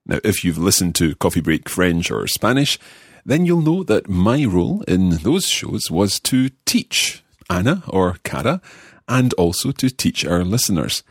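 A man hosting a podcast language lesson, guiding it in a friendly, measured way as he learns along. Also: low-pitched, sing-song, husky, no room sound, clean studio sound. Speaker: language course host and learner.

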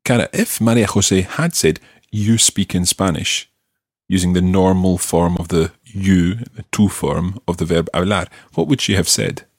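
A man hosting a language-learning podcast, explaining grammar patiently and clearly. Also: deep voice, moderate pace, no room sound, clean studio sound. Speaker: language teacher and podcast host.

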